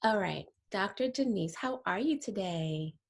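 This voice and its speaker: A woman's voice: mid-range voice, lively intonation, measured pace, vocal fry. Woman interview host with friendly prompts. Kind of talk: hosted interview.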